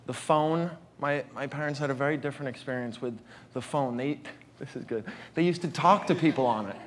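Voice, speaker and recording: A man from Boston doing a stand-up comedy set on a stage mic, full of stammering restarts, mock indignation and slow, deliberate punchlines. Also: mid-range voice, a little hiss or hum. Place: comedy stage before a live audience. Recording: live stage mic with crowd laughter.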